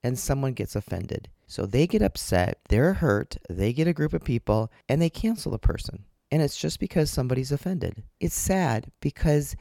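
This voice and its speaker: A man's voice: mid-range voice, sing-song, normal speed, creaky, hardly any pauses, warm tone, no room sound, studio quality. A man hosting his podcast alone from his couch, telling a story in an earnest, reflective way into a portable microphone plugged into his phone. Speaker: podcast host. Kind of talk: casual solo podcast monologue. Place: home, sitting on a couch. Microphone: portable microphone attached to a phone.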